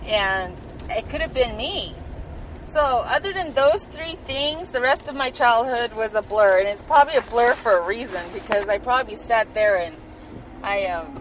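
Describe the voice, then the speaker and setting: A woman telling rambling personal stories in a chatty way, full of "like" and "um", while she drives. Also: medium pitch. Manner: chatty, filler-heavy with frequent "like" and "um". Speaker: podcast host. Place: inside a moving car. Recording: car road noise behind voice. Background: car and traffic noise.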